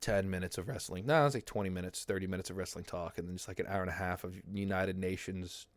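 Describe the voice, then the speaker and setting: A man's voice: deep voice, steady tone, quick pace, dry recording. A young man hosting his own livestream, chatting casually and rambling from topic to topic. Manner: rambling, chatty, laughs easily. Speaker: livestream host. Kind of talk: casual chat.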